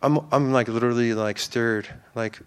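A man's voice: mid-range voice, fairly even intonation, normal speed, clear, resonant tone. A man giving an informal, earnest sermon to a church, rambling with fillers and restarts. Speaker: preacher.

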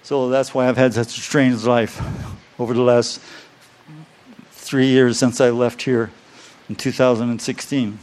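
A man preaching a sermon to his congregation, reading scripture slowly and stressing key phrases by repeating them. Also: mid-range voice, little pitch movement, a little mellow. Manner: reads scripture aloud slowly. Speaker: pastor.

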